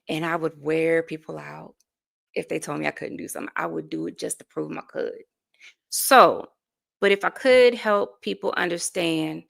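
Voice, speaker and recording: A woman's voice: fairly low pitch, creaky. A woman in her forties from the United States, a life coach talking as a guest in a casual interview, earnest and full of stories. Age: 40s. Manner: earnest, storytelling, laughs between thoughts.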